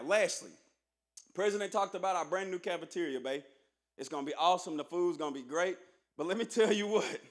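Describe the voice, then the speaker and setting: Brief: high-pitched man, university speaker, punchy motivational crowd-rousing delivery. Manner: preacher-like, emphatic, calls for audience response. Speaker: university administrator speaking at orientation. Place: large auditorium.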